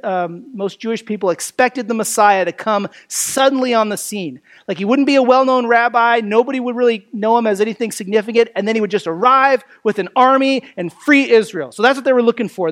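A man with a high voice preaches a sermon in a conversational way. He leans on fillers like "you know" and "right", and poses rhetorical questions as he walks through the text. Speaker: pastor. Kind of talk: expository sermon.

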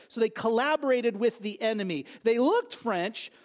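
High-voiced man preaching a sermon. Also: animated, normal speed, hardly any pauses. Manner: emphatic preaching with rising, loud quoted lines and frequent restarts. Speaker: pastor.

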